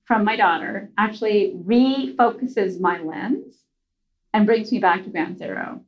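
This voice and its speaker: A woman speaking in an earnest conversational way, telling a story with restarts and soft asides. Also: medium pitch, a little slow, faint music behind. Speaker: guest parent speaker. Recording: slightly dull lo-fi sound.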